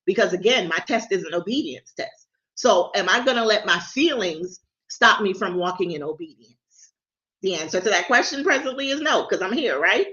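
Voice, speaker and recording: A woman talks straight into her livestream camera in a loose, devotional chat. Her voice is bright and forceful, and she is candid, often tripping over and repeating her words. The sound is dull and lo-fi. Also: mid-range voice, expressive, moderate pace. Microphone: camera or phone livestream.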